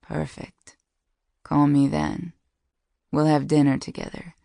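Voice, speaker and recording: A woman reads the part of a drowsy young man chatting on a late-night phone call, his voice soft, low and gently teasing. He sounds unhurried and relaxed, with a slight gravelly edge in a dry, close recording. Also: dry recording, exaggerated voice. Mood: sleepy, teasing.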